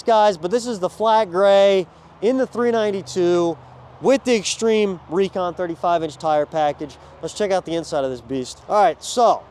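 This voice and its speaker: A man showing off vehicles on a dealership lot outdoors, talking to viewers in a casual, energetic walkaround. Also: a little high, smooth. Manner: energetic, chatty, addresses viewers as guys. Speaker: car salesman at a dealership.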